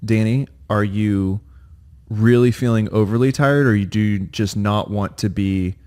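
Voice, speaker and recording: A man's voice: fairly low pitch, measured pace, darkish tone. A man co-hosting a podcast, telling stories in a playful, teasing way and laughing often. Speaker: podcast co-host. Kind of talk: casual chat.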